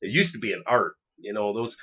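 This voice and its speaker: Low-voiced rambling podcast co-host man. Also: fairly quick, pushed and bright, breathy edge, dull audio. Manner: rambling, lots of fillers and restarts. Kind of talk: casual chat.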